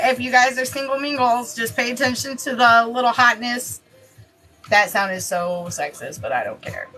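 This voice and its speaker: A woman reading horoscopes in a casual, chatty way, excitable and often exclaiming. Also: a little high, rough recording. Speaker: tarot reader giving daily horoscopes.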